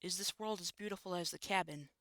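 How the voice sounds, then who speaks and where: A streamer narrating a visual novel aloud in steady storybook fashion, with occasional asides. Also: mid-range voice, fast, no room sound, studio quality.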